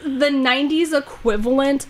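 Woman co-host, casual chat, slightly high voice, blunt and crude, mocking tone. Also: normal speed. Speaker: podcast co-host.

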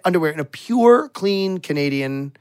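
Lively, crude-talking man. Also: sits high, normal speed. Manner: crude, swears a lot, laughs through his story. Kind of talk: casual podcast chat.

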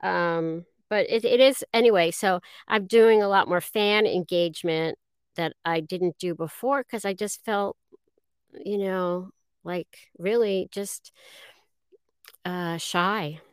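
Middle-aged lady voice actor chatting, super smooth clean voice, dry sound, lots of ums. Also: on the low side, no echo. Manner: halting and self-deprecating, many fillers. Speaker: guest voice actress. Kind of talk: casual interview chat.

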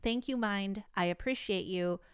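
A woman's voice: medium pitch, a little slow, clean tone, no echo, studio quality. A woman in casual podcast chat, walking through self-help techniques and laughing easily. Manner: explains coping techniques with easy laughter.

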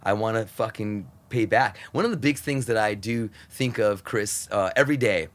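A man in casual podcast talk, excitable and profane, rambling with many restarts. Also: lowish voice, normal speed. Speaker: radio host guest.

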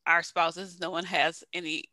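A woman's voice: on the low side, flat delivery, measured pace, pushed and bright, no echo. A woman podcast co-host chatting casually and teasing her friends. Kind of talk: casual chat.

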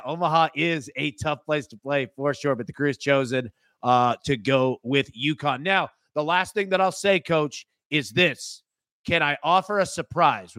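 Male sports-betting co-host; a bit high-pitched, easygoing chatter on a dry studio mic. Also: fairly bright tone, dry recording. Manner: laid-back, conversational, pitchman. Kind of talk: casual sports betting chat.

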